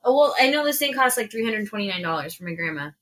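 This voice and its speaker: A woman's voice: mid-range voice, expressive, quick pace, a bit bright, slight background noise. A woman co-hosting a podcast, chatting casually and swearing as she taste-tests food and reads out prices. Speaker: podcast co-host. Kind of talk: casual chat while taste-testing food. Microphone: podcast mic in a shared room.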